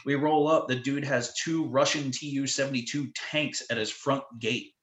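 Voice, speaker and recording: Animated storytelling man in a roomy space. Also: medium pitch, moderate pace. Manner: animated, lots of "like" fillers, acts out quotes. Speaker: guest telling tour stories. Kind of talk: casual storytelling in a podcast interview. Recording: roomy echo.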